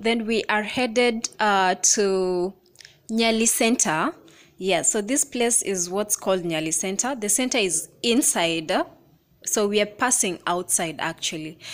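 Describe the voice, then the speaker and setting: Chatty Kenyan woman vlogging from a minibus. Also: medium pitch. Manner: chatty, excited tour-guide commentary with casual swearing. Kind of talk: casual travel vlog narration. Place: inside a moving minibus.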